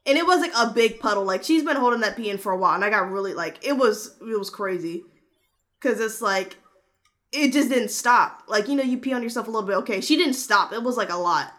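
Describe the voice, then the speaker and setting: Animated woman telling swearing stories. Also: on the high side, fast talker. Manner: animated storyteller, swears freely, acts out kids' voices. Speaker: podcast co-host. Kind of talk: casual chat. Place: video call. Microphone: video call.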